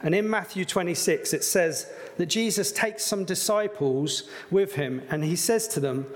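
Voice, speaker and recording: A man preaching with earnest warmth in a chatty, unpolished way, with "um"s and "like"s. His voice sits a little high for a man, and it rings out in a hall with a long reverb. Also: normal speed, few pauses. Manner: earnest, conversational, with fillers. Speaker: pastor. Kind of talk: sermon.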